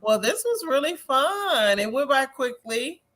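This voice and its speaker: A woman's voice: sits high, sing-song, unhurried, fairly bright tone. A woman hosting a casual gossip chat over a video call, chatty, easily amused and a little tipsy. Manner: chatty, easily amused, fumbles with screen sharing. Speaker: show host.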